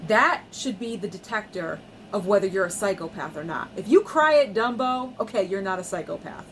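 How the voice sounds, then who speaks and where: A woman hosting a casual movie vlog, talking emphatically and with animated feeling about films that make her cry. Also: medium pitch, moderate pace, slight background noise, low-quality recording. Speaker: movie vlogger.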